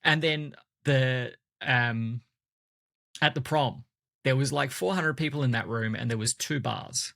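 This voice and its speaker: A man co-hosting a podcast in casual chat, relaxed and often repeating words as he starts a sentence. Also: medium pitch, a little slow, vocal fry, no room sound. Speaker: podcast co-host.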